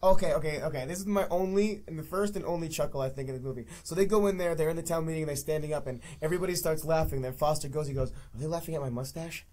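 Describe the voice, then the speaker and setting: A man's voice: fairly high pitch, racing, few pauses, darkish tone. A man co-hosting a podcast, ranting in a profane, exasperated way about a movie in casual chat. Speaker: podcast co-host.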